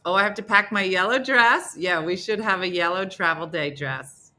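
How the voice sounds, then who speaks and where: Bright, teasing woman hosting a morning chat. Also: moderate pace. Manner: playful, teasing, bursts into high silly voices for others. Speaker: live show host. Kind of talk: casual live morning chat with viewers.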